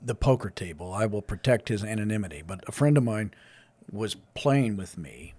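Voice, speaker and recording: A man co-hosting a podcast, rambling through anecdotes and dropping his voice low for dry asides. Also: animated, normal speed, darkish tone, breathy edge. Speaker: podcast co-host. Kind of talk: casual chat.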